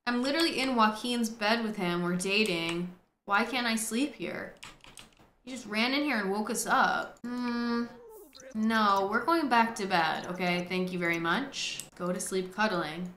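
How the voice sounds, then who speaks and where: A woman hosting a gameplay video, chatting excitably, swearing and talking to the characters on screen. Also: medium pitch, a little slow, roomy sound, soft background music. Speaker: gaming host. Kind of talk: casual gameplay commentary.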